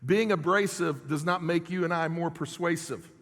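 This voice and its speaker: A middle-aged pastor delivers a sermon in a church sanctuary, his voice a little high for a man, a bit bright and touched with vocal fry. He speaks plainly and conversationally at normal speed, checking in with the congregation. A long reverb from the big hall trails after his words.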